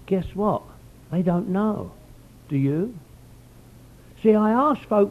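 Slow and expressive, with long pauses, a middle-aged man's high-pitched voice rambles through his own story at a recovery meeting. He's folksy and keeps saying "you know." The audio sounds like it came over a phone.

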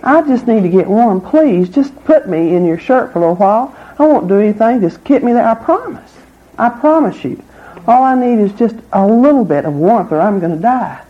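A sly rattlesnake begs in a raised, squeaky voice, as a woman puts it on while telling a story. His pleading is coaxing and sneaky. The recording sounds a little dull. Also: expressive, normal speed, breathy edge. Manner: wheedling, begging.

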